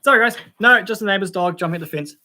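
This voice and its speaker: A man's voice: high-pitched, very fast, sharp tone, slight background noise. An Australian man hosting a casual livestream, reading out chat comments and telling rambling car stories in a laid-back way. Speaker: livestream host.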